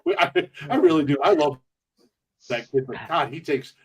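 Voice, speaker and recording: A man's voice: medium pitch, lively intonation, moderate pace, a crowd in the background. A man co-hosting a rowdy comedy podcast, teasing the others, swearing and laughing a lot. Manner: teasing, laughs often, profane. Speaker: podcast co-host.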